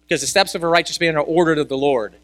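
A man's voice: a little high, steady tone, rapid-fire, fairly bright tone, dry recording. A male pastor preaching a sermon in a conversational way, asking rhetorical questions and repeating key words for emphasis.

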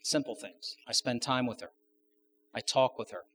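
A man's voice: mid-range voice, normal speed, a bit bright, a little hiss or hum. Man preaching a chatty, joking sermon. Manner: conversational with joking asides; asks the audience questions. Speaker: pastor.

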